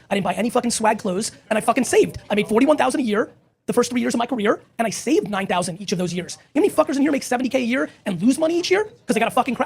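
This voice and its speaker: A man's voice: extremely high pitch, vocal fry, darkish tone, husky. A man hosting a live audience Q&A, answering questions in a blunt, emphatic way and swearing often. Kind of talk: live Q&A talk.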